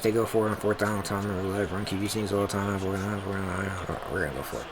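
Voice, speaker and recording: Excitable man narrating his game. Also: low-pitched, quick pace, background noise. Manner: excitable, swears when frustrated, talks to players on screen. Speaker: gaming commentator. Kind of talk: casual gameplay commentary. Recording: music playing behind.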